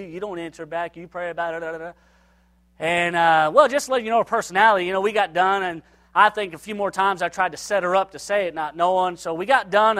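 A man preaching to a church, telling a personal story and acting out its dialogue with lively energy. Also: sits high. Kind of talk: sermon storytelling.

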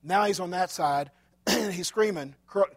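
High-voiced man telling a rambling story. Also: a little slow. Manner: chatty, rambling storyteller with asides. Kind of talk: storytelling talk to a congregation. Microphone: handheld microphone.

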